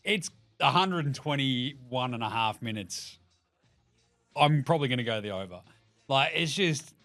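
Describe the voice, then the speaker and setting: A slightly high, fairly bright voice belongs to an Australian man in his thirties who hosts a casual sports podcast. He rambles and swears, joking around and doing silly voices whenever he quotes someone.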